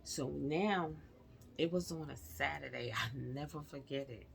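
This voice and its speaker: A woman's voice: low-pitched, measured pace, vocal fry, background noise. A woman vlogger telling a personal story in casual conversation, speaking straight to her viewers. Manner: animated retelling, acts out quoted dialogue; speaks directly to the audience.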